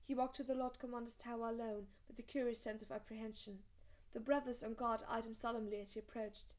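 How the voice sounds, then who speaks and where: A woman reading a fantasy novel aloud as an audiobook narrator, steady and measured. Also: on the high side. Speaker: audiobook reader.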